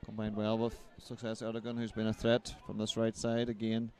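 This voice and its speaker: A man giving live play-by-play football commentary, brisk and lifting his voice as the action builds. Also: lowish voice, monotone, darkish tone.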